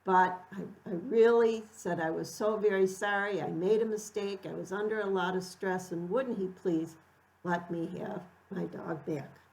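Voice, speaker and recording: A middle-aged woman telling a personal story in an unhurried, reflective way, acting out quoted lines with animated lift. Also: mid-range voice, gravelly, low-quality recording.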